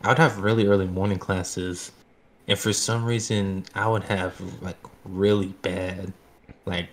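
Casual male podcast co-host, low voice, loose and rambling with lots of fillers. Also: flat delivery, measured pace. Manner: rambling, filler-heavy storytelling. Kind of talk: casual chat.

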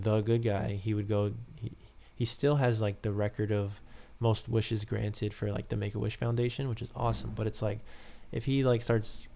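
A man's voice: fairly low pitch, creaky, darkish tone. A man talking casually and rambling as a podcast host, full of fillers and loose asides. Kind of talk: casual wrestling commentary.

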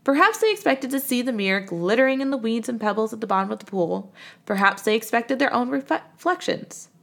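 A woman reads a children's storybook aloud in a lively, expressive way. Her voice is somewhat high and moves a lot in pitch. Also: fairly quick, vocal fry. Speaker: reader.

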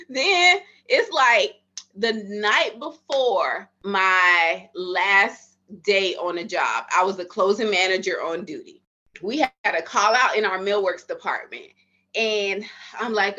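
A woman's voice: medium pitch, very animated, slow, bright, forceful tone. A woman in her thirties, a midwife, telling her story in a casual interview and acting out her own past thoughts and conversations. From Miami area. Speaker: midwife, podcast guest. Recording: slightly dull lo-fi audio.

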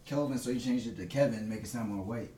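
Man, mid-pitched, easygoing storyteller, laughs a lot; faint background noise. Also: fast talker, mellow, reverberant. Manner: laid-back storytelling, laughs often. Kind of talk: casual chat.

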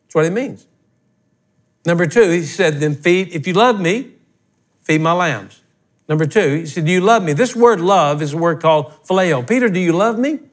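Older man, pastor, sermon, high-pitched voice, folksy, blunt, emphatic. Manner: folksy, blunt, emphatic preaching with rising outbursts.

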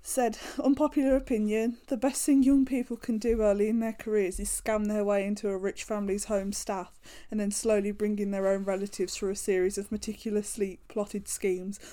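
A woman's voice: mid-range voice, flat delivery, brisk, hardly any pauses, mellow. A young woman, co-hosting a casual chat, teasing and laughing often. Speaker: podcast co-host.

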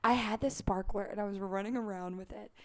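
A young woman co-hosting a podcast in casual chat, with a raspy voice and a loud, animated way of telling stories. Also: medium pitch, brisk. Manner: loud, animated storytelling with sudden squeals. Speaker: podcast co-host.

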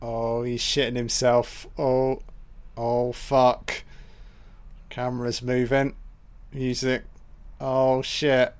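A man's voice: mid-range voice, level tone, slow, pauses often, fairly bright tone, smooth. A man giving a casual, crude running commentary on a film, swearing and reacting aloud.

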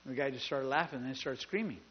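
A man's voice: mid-range voice, quick pace, highs cut off, slight background noise. A male pastor telling a story in a sermon, acting out the dialogue and joking with his congregation. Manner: animated, acts out dialogue, jokes with the congregation. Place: church service with live congregation.

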